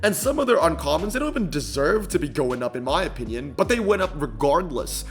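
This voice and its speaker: Male game commentator, a bit high-pitched, irritated and ranty, lots of restarts, light music bed. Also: brisk. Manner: irritated, animated ranting with frequent fillers and restarts. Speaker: mobile racing game commentator. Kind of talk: ranting gameplay commentary.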